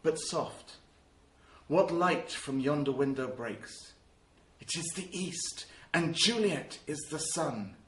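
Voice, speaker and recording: Man reads a dreamy young man in love, quiet and drawn out, in a roomy space. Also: fairly high pitch, animated. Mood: tender. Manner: soft, slow, lingering.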